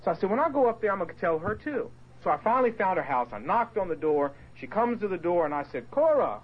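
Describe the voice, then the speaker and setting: A man from the Portsmouth, Virginia area telling his conversion story to a group, storytelling with lively voiced quotes and asides. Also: sits high, quick pace, dull audio, slight background noise. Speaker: speaker giving his testimony. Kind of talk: animated personal testimony to a group.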